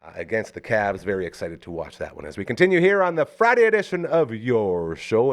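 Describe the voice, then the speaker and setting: A man's voice: fairly low pitch, fast talker. A man hosts a casual live talk show, joking and hyping up his guests. His voice swings freely up and down. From Canada. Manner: lively, joking, hypes guests up. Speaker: host.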